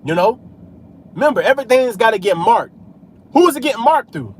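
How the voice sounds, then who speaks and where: A man's voice: very high-pitched, big pitch swings, a little fast. A man preaching in a casual street style, scattering "man" and "hey" through his talk while he drives. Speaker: religious vlogger.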